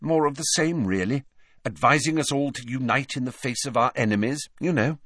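A man voicing a brisk, earnest teenage girl who explains things in a slightly bossy, anxious way. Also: medium pitch, fairly bright tone, no echo, clean studio sound, pitched above the performer's own voice, close to an everyday voice.

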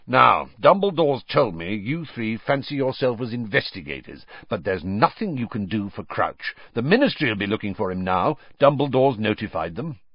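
A man voicing a gruff, scarred old male wizard with a growling voice, in a storybook reading. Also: on the low side, very animated, normal speed, hardly any pauses, no echo, dull audio, exaggerated voice.

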